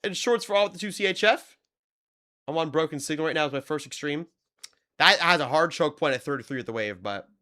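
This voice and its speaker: A man chatting casually with his viewers during a live game stream, telling stories with sudden excited bursts. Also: fairly high pitch, a little fast. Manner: excitable storyteller, talks to chat, loud bursts. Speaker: livestreamer. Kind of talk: casual live-stream chat while gaming.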